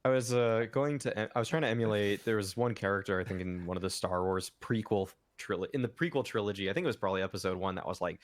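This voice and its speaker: A man commentating live on a competitive shooter match in a relaxed, analytical way. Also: fairly low pitch, quick pace, few pauses, no room sound. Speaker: esports commentator.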